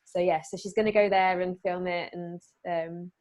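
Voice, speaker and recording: A woman's voice: fairly low pitch, steady tone, normal speed, darkish tone. An English woman, an actress guest in a casual interview, easygoing and full of fillers. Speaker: actress and paranormal investigator guest.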